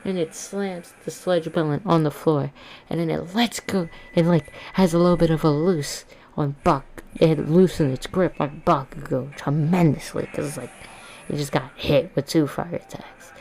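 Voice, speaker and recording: Low-voiced woman rambling through a story. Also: steady tone, normal speed, creaky, a little mellow, a little hiss or hum. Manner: rambling, jokey, self-correcting. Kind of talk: casual fan-fiction retelling.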